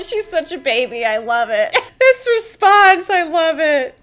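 Woman reacting to a drama, high bright voice, very animated, laughs and gasps a lot. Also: a little slow, noisy background. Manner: excitable, laughs and gasps often; emotional, near tears. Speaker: reaction video host. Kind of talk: casual drama reaction commentary.

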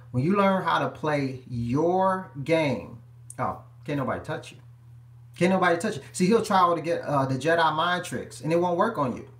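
A man's voice: on the high side, echoey room. A man, a relationship life coach, giving emphatic, repetitive advice straight to his viewers on a live stream.

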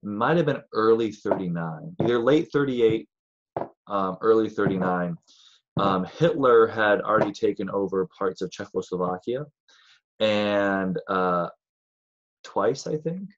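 A man's voice: fairly low pitch, animated, measured pace, dull audio. A man teaching a casual history lesson in a chatty, rambling way, sometimes acting out voices of historical figures.

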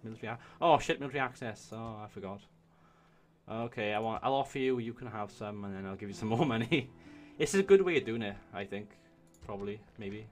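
A man gives excitable gameplay commentary, swearing often and talking to himself as he plays. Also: on the low side, fast, faint music behind. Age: 20s. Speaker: let's play host.

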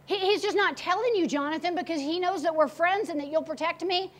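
A woman's voice: extremely high pitch, brisk. A woman voicing a young shepherd who insists his life is in danger, in a sermon retelling. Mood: insistent.

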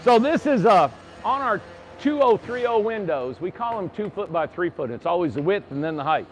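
A man's voice: high voice, animated, normal speed, slight background noise. A man building tiny homes, casually teaching window trim step by step in his shop, wearing a clip-on mic. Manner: chatty, joking, explains step by step. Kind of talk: casual hands-on tutorial.

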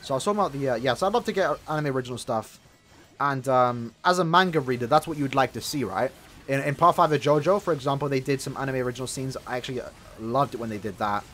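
A man's voice: medium pitch, fast, a bit bright, slight background noise. Chatty young man with a sore throat. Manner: rambling, chatty, many fillers. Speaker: gaming channel host. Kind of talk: casual chat while playing a mobile game.

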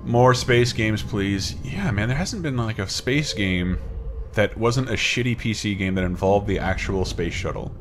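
A man's voice: fairly low pitch, unhurried, background noise. A man co-hosting a live reaction chat, making dry, mumbled asides. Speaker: podcast co-host.

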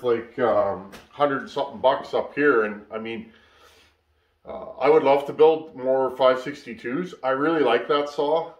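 A man's voice: medium pitch, highs cut off. A man, tired after a long work week, chatting casually and rambling with lots of fillers as the host of a chainsaw repair channel in his workshop. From Canada. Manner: relaxed, rambling, many "uh" fillers. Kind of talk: casual shop chat. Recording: echoey workshop.

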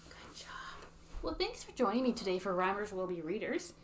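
A woman's voice: medium pitch, sing-song, quick pace, a little hiss or hum. A woman from Canada leading young children through simple songs and rhymes, chatting to them between verses. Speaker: early years program leader. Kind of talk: children's song and rhyme circle. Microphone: webcam or phone.

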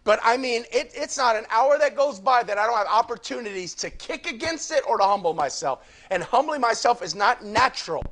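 A man preaching a Bible study sermon, reading scripture aloud and swinging from quiet confiding asides to fervent, pleading outbursts. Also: animated, fairly quick, few pauses. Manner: rises into fervent shouted pleading, then drops low. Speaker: pastor.

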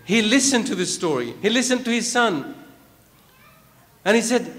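High-voiced man preaching in a reverberant hall. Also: big pitch swings, normal speed, long pauses, fairly bright tone. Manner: chants verses then explains them, repeating phrases for emphasis. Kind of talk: sermon. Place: large hall at a religious gathering.

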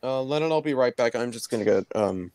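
A man co-hosting a live stream who chats casually and reads passages aloud haltingly, with restarts. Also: mid-range voice, expressive, darkish tone. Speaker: stream co-host. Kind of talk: casual chat and reading aloud.

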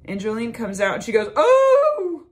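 A woman's voice: medium pitch, animated, moderate pace. A woman comedian telling a story in a sassy, campy way, stretching words out for emphasis. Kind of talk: storytelling stand-up. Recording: music playing behind.

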